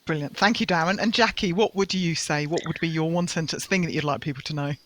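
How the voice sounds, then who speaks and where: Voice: medium pitch, quick pace, a bit bright, slight background noise. A host presenting a live online welcome session, upbeat and encouraging, asking guests questions.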